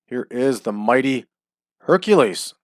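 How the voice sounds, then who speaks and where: A man talking casually over a wrestling booking game, with chatty asides and drawn-out hype calls. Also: mid-range voice, lively intonation, no room sound, studio quality. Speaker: wrestling sim game host.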